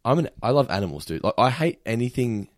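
Male co-host, lively up-and-down delivery, dry close mic, casual film talk. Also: mid-range voice, quick pace, no echo. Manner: animated, acts out film characters in quoted voices. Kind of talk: casual chat about films.

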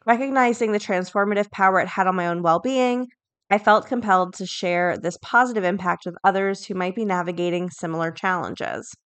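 A woman's voice: fairly low pitch, fairly quick, fairly bright tone, clear, resonant tone, no room sound. Chatty woman podcast host, dry close sound. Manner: chatty, thinks aloud with many fillers and restarts. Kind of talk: casual podcast commentary.

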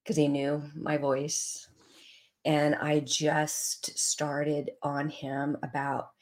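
A woman's voice: low-pitched, completely flat delivery, extremely slow, a little mellow. A middle-aged woman telling an emotional personal story as a guest in an interview.

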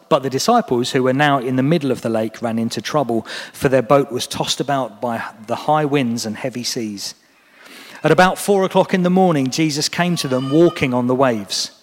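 Earnest male preacher in a reverberant church. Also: medium pitch. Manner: earnest, encouraging address to a congregation. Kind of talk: sermon. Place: church hall. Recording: long reverb of a church hall.

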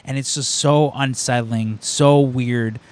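A male podcast host in loose, casual conversation, stringing his thoughts together with plenty of filler words. He tells stories in an animated way, at a mid-range pitch. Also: slow pace, no room sound. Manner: rambling, heavy on filler words; animated storyteller. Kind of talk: casual chat.

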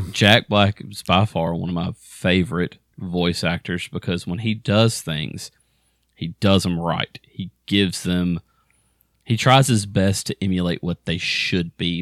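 A man with a fairly low voice co-hosts a casual podcast, chatting with lively energy and breaking into playful impressions. His voice is recorded close and dry, with no room sound around it. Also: a little slow, no echo. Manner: animated, mimics voices for laughs. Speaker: podcast co-host. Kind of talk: casual chat.

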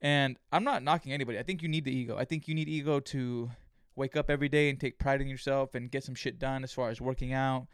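A man talks alone into the mic in a loose, meandering way, peppering his thoughts with swearing, fillers and false starts. His voice is clear and smooth, in a middle pitch. The sound is dry and close, with no room around it. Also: steady tone, fast talker, hardly any pauses, no room sound. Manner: rambling, profane, many fillers and restarts. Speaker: podcast host. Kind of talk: casual solo monologue.

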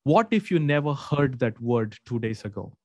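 A man's voice: mid-range voice, sing-song, darkish tone, no room sound. A man hosts a faith talk show, speaking to viewers with the emphatic, stretched-out phrasing of a preacher. His voice sits in a middle range and the sound is dry. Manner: emphatic, drawn-out preaching delivery. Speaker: host and pastor.

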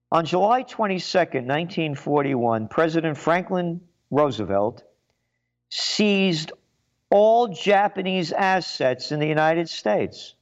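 A man delivers a solo rant, full of sarcasm and indignant emphasis. His voice sits fairly high for a man. The recording is muffled and lo-fi. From the Bronx, New York. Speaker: commentator. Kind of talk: ranting solo commentary.

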